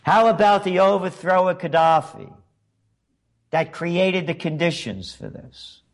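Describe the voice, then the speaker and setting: A man with a somewhat high voice hosts a political opinion monologue at an unhurried, deliberate pace. He leans on sarcasm and pointed rhetorical questions, hammering his points with emphasis. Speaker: commentary show host.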